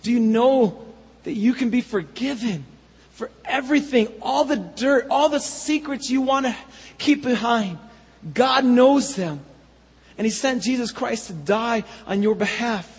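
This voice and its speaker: High-voiced preacher man, husky, in a reverberant hall. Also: a little slow. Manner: earnest preaching, builds to fervent appeals. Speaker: pastor. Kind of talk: sermon. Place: church sanctuary. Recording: echoey hall with long reverb.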